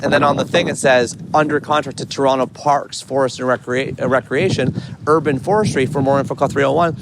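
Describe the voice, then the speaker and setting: A man's voice: mid-range voice, fairly even intonation, a little fast. Chatty curious man talking on a noisy street. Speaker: podcast host. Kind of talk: walking interview chat. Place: outdoors on a city street. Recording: street noise behind outdoor walk.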